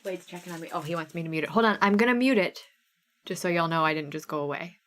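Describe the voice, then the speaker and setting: A woman's voice: on the low side, quick pace, a bit bright. A woman in her thirties with a Midwestern American accent, hosting a live craft sale stream in a casual, bubbly way and reading out viewers' names.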